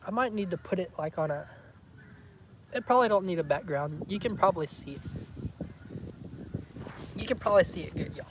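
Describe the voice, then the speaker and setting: Man, high-pitched, casual vlog chat, teasing, emotional. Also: brisk, pauses often, a little hiss or hum. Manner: emotional, teasing, says y'all a lot. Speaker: vlogger.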